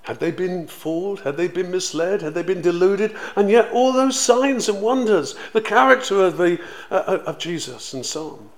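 A man teaching in a sermon, conversational and animated, retelling stories with acted quotes. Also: sits high, moderate pace, hardly any pauses. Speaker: preacher.

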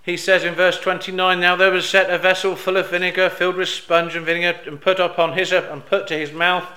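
A man preaching a sermon. He drops soft on reflective lines, hesitates with fillers and restarts, and rises to loud, emphatic peaks on quoted cries. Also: high-pitched, flat delivery, a little fast, roomy sound.

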